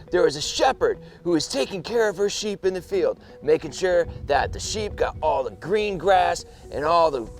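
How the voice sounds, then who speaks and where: A man narrating a children's story in a playful, demonstrative way. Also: fairly high pitch.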